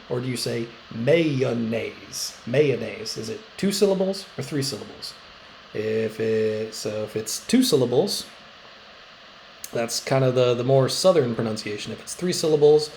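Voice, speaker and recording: A man's voice: mid-range voice, gravelly, darkish tone, slight background noise, rough recording. A male middle school social studies teacher giving a casual recorded lecture, chatty and joking, with lots of "uh" fillers and rambling asides.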